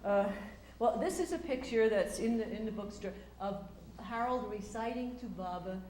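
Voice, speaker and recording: An older woman telling stories in a casual, animated way, acting out quotes with lots of fillers and restarts. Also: on the high side, normal speed, reverberant, a little hiss or hum. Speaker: speaker recounting memories. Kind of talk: casual storytelling talk.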